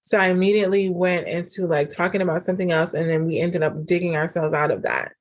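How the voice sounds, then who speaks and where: A woman hosting a casual solo podcast as a relationship coach, chatty and animated, full of fillers. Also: fairly low pitch, quick pace. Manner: chatty and animated, acts out quoted dialogue; frequent fillers like "like" and "um".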